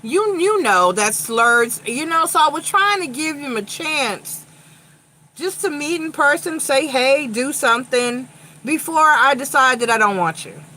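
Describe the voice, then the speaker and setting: A woman's voice: high-pitched, animated, a little slow, pushed and bright, slight background noise, poor audio. A woman from Long Island, New York with a Long Island accent touched by a slight Southern tinge, a tarot reader chatting bluntly and profanely during a casual livestream.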